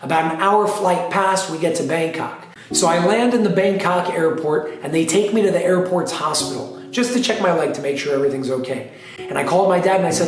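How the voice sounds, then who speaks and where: A man's voice: sits high, fairly quick, recorded from a distance. A man telling a personal story in an emphatic, dramatic way, repeating phrases for effect. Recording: very echoey room, off-mic, faint music.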